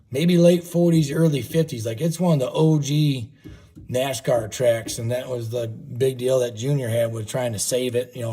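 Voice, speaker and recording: A man with a husky, slightly rough voice chats casually on his livestream. He rambles in a folksy, easygoing way and drops offhand swears as he goes. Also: medium pitch, darkish tone. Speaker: livestream host.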